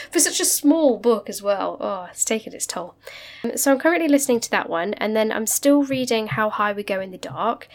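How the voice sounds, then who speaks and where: Young woman, casual podcast chat, mid-pitched voice, lively storytelling, quick laughs. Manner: chatty, animated storytelling with frequent laughs. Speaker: podcast co-host.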